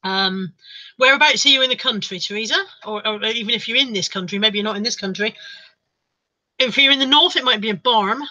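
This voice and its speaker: A woman hosting a live stream reads viewer comments aloud in a playful, mock-dramatic chat. Her voice is bright and forceful, a bit high and a little fast, and the recording is rough.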